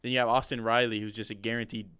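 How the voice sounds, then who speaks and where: A man's voice: lowish voice, level tone, rapid-fire, pushed and bright, clean tone, no room sound, studio quality. A young man co-hosting a podcast, talking sports casually and enthusiastically, rambling with restarts. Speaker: podcast co-host.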